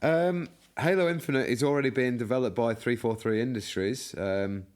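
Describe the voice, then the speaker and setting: A man's voice: mid-range voice, normal speed, darkish tone. A man co-hosting a gaming podcast, reading out news in a hesitant way with many fillers. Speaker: podcast co-host. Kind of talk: casual podcast chat, reading news notes.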